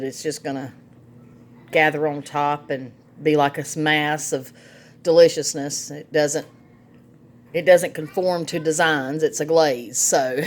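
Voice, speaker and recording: A middle-aged woman with a drawl talks viewers through a recipe in her home kitchen, folksy and quick to laugh. Her voice sits somewhat low. A faint background noise hangs under the recording. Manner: chatty, folksy, laughs often. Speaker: home cook, vlog host. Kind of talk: casual cooking demonstration.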